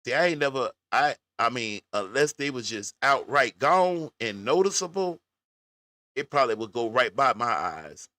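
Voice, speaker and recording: A man's voice: mid-range voice, very animated, moderate pace, bright, forceful tone, no echo. A man hosting casual reaction commentary, talking folksy and straight to his viewers. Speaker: commentary host.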